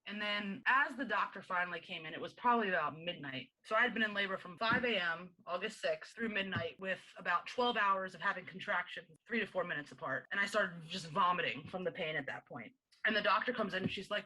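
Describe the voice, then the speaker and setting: A woman in her thirties, a podcast guest, candidly telling a personal story in an interview, animated and acting out the dialogue. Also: mid-range voice, a little fast, a little hiss or hum, poor audio. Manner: animated, acts out quoted dialogue with frequent laughs.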